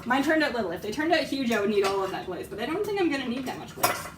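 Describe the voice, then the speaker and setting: Baking live in a spacious kitchen, a streamer with a fading, hoarse voice chatters on, very animated and racing along, laughing often. Her voice is slightly high and fairly bright, picked up distantly by an iPad with lo-fi sound, slight background noise, and clinking pans and cutlery.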